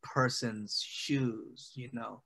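A man, a poet, answering interview questions in a loose, casual way, full of "you know" and quick asides over a video call. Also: mid-range voice, steady tone, creaky, a bit bright. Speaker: poet and guest.

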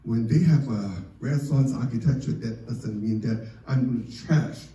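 A man's voice: medium pitch, moderate pace, mellow, highs cut off. A man giving an informal lecture on architecture over slides, chatty and full of "you know" and "okay?" asides. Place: church hall or lecture room. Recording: very echoey room, mic far off.

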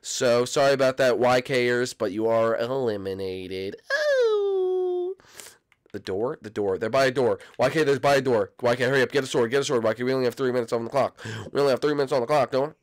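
A man hosting a gaming video, commentating live gameplay, excitable and breaking into shrill squeals. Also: fast, hardly any pauses.

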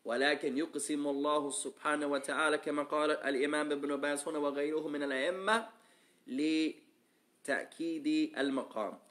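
Brisk, bright-voiced male Islamic teacher. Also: fairly high pitch. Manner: asks the audience rhetorical questions; reads Arabic quickly, explains in English more slowly. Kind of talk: religious lesson, reading Arabic then translating to English.

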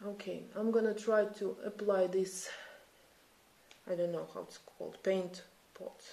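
This beauty vlogger, a Russian-accented woman in her thirties, has a mid-range, gravelly, dark voice with a steady tone, and she takes her time. She chats and thinks out loud during a relaxed makeup tutorial, recorded in a room with noticeable echo.

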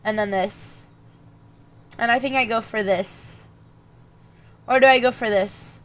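A woman's voice: a little high, a little slow. A young woman streaming chess, thinking her moves aloud and breaking off to chat with her viewers. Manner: muttering calculations, then bursts of animated chat with viewers. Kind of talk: thinking aloud while playing chess online.

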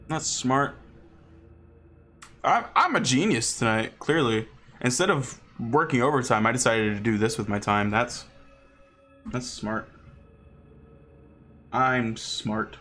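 Slow-talking man streamer, sarcastic. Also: a bit bright. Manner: sarcastic, teasing back at chat, bursts into high yelps. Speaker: game streamer. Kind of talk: casual livestream chat while gaming. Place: at home.

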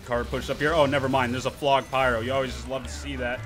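A man hosting his gaming channel, giving joking, sarcastic, excitable commentary as he plays. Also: medium pitch, fast talker, over music. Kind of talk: gameplay commentary.

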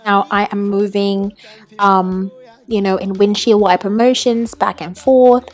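A woman's voice: mid-range voice, flat delivery, a little slow. Young woman in a put-on British accent. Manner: chatty, with some ums and self-corrections. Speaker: makeup tutorial host. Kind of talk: voiceover narration of a makeup tutorial.

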